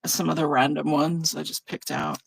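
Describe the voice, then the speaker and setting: A woman hosting a casual live craft session over a video call, chatty and relaxed, laughing often. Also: low-pitched, normal speed, vocal fry, slightly rough, no echo, low-quality recording. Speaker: craft channel host. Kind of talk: casual live-stream chat while journaling. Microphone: phone or tablet mic over a video call.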